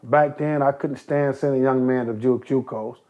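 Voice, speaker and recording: An older man from Compton, California, telling stories as an interview guest, animated and swearing freely. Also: medium pitch, moderate pace. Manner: animated, acts out quoted voices, swears freely. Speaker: interview guest, youth basketball coach. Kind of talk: casual storytelling. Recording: dull lo-fi recording.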